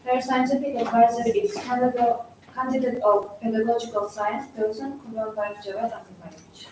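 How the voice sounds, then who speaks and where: A woman formally announces the next presenter and reads the names carefully, her pitch somewhat raised. She is far from the mic in an echoing hall with clear noise around her. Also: steady tone, brisk.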